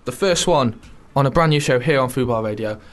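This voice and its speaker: A man's voice: medium pitch, a little fast, soft background music. A man co-hosting a casual radio chat show, dry and teasing. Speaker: radio co-host.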